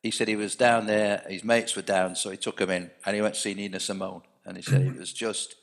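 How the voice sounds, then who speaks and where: A man's voice: on the low side, steady tone, a little fast. A man in his sixties telling anecdotes in a casual chat, often restarting his sentences. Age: 60s.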